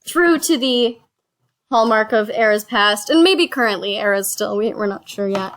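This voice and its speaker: A woman's voice: medium pitch, expressive, normal speed, fairly bright tone, slight background noise. A woman hosting a casual board game play-through, reading cards and counting spaces aloud with chatty asides. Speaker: host.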